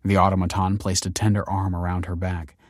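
Brief: male narrator, measured storybook delivery, low voice, dry close sound. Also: little pitch movement, no room sound. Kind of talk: scripted audiobook narration.

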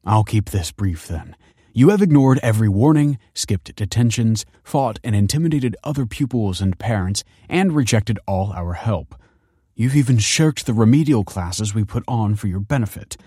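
A man's voice: fairly low pitch, lively intonation, moderate pace, mellow, slightly rough, no echo, clean studio sound. A man reading a story aloud and voicing a stern woman school principal who speaks in a formal, officious way.

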